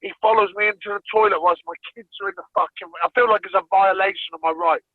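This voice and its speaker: A fairly high-voiced man tells a blunt, sweary story as a podcast guest. The sound is tinny and phone-like, with a dry, close feel and no room around it. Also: fairly even intonation, fast, dry recording. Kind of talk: casual storytelling.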